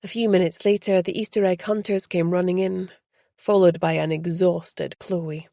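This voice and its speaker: Woman reading an audiobook, gravelly and low, super dry close mic. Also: steady tone, moderate pace, dark tone, dry recording. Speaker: narrator. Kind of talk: audiobook narration.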